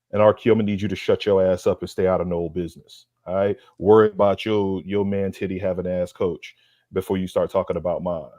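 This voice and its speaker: A man's voice: on the low side, a little mellow, no echo, studio quality. Man on a profane, fired-up sports rant. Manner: profane, fired-up, repeats himself for emphasis; streetwise slang. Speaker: podcast co-host. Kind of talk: heated sports roast rant.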